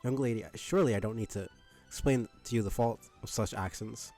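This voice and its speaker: A man's voice: fairly low pitch, a little fast, warm tone, faint music behind, natural voice. A man voicing a pompous young man in a game dub who lectures and accuses in a stiff, preachy way. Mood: stern. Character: pompous young man, self-appointed rule enforcer.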